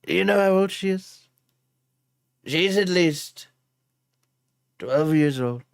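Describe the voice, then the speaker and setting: A gravelly, slow-talking older blowhard who loves a confrontation, voiced by a man doing a comic impression. He drags out every line in a heavy drawl. The sound is dry and close. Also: high voice, no echo, voice pushed up, heavily acted. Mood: accusing. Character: blustering older male predator catcher, Trump impression.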